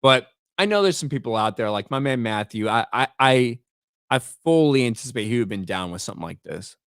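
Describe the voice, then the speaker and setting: A man's voice: medium pitch, expressive, fairly quick, fairly bright tone, smooth, no room sound, studio quality. A male livestream host in casual commentary. He is blunt and profane, repeats words as he starts sentences, and reads chat names aloud. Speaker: host of a live stream.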